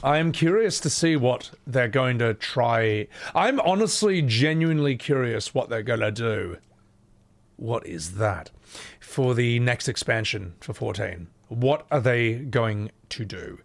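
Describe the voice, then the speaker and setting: Lively gravelly male streamer, put-on Scottish. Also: mid-range voice, measured pace. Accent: exaggerated put-on Scottish. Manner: chatty and animated, swears freely, thanks chat often. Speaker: streamer playing a horror game. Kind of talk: casual live-stream chat with viewers.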